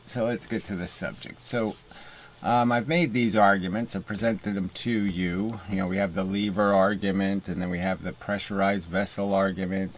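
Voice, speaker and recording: A man hosting a casual video, talking in a rambling, loose way with lots of fillers and restarts. His voice sits a little low. He argues his points in an easygoing, chatty manner. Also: a little hiss or hum. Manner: rambling, many fillers, chuckling asides. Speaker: host. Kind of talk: casual monologue and mock debate.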